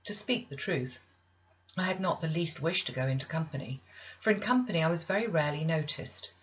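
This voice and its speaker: A woman narrating a classic novel as an audiobook reader, in a measured, deliberate way with pauses. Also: sits low, dull audio.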